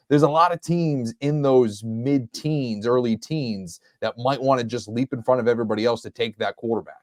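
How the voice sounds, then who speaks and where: A man's voice: medium pitch, no echo, clean studio sound. A man on a sports podcast panel, talking steadily through long analytical scenarios. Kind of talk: casual sports chat.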